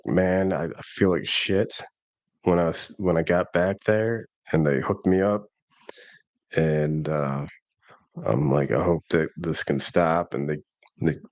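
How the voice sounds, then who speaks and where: A man's voice: low-pitched, no echo. A man in his thirties telling a rambling, self-deprecating personal story in a casual vlog. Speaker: vlogger.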